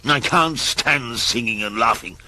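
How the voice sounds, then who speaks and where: A sour, grumbling grouch. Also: male voice, mid-range voice, a little slow, bright, forceful tone, no echo, rough recording. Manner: grumbling, scornful complaints. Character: grumpy complaining man who hates everything.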